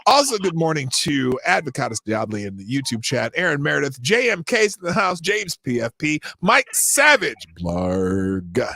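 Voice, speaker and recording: A man's voice: on the high side, normal speed, hardly any pauses, no room sound. A man hosting a live stream, rambling casually and laughing as he greets viewers by name. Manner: animated, rambling, laughs often. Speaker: host of a live stream show.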